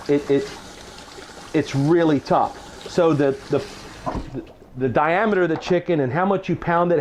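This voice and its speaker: Middle-aged guy cooking in his kitchen, folksy and chatty, bit higher voice, faint hiss behind. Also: darkish tone. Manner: chatty, folksy, restarts phrases, teacherly asides. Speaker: cooking show chef. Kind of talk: casual cooking demonstration. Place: home kitchen.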